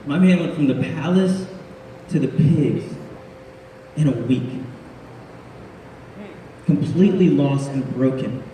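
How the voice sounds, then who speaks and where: A man preaching a casual, jokey sermon, laughing often and adding quick asides. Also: a little high, mellow, a little hiss or hum. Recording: echoey hall, speaker far from mic.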